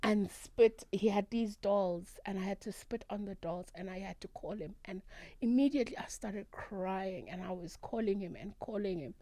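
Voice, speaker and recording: A South African woman, a guest and traditional healer, telling her story in an animated, emphatic way in a studio interview. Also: mid-range voice, moderate pace, dry recording. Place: radio studio.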